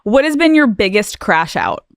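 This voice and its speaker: A woman hosting a podcast, briskly asking game questions in a teasing, casual way and laughing along. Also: mid-range voice, big pitch swings, dry recording, clean studio sound. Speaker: podcast host.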